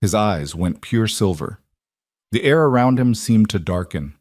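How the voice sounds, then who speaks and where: A man narrating a paranormal romance audiobook in a dramatic, measured way. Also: fairly low pitch, animated, a little mellow, no echo, clean studio sound. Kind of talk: scripted narration.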